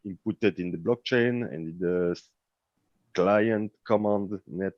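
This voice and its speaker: A man's voice: sits low, slow, no echo, highs cut off. A man with a French accent giving a project update in an online community meeting, hesitant and searching for words. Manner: hesitant, many fillers and restarts, searching for words.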